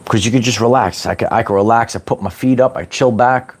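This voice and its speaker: A middle-aged man with a medium, fairly quick voice hosts a spiritual wellness livestream. He addresses his chat in a playful, repetitive motivational style, drawling words like "baby".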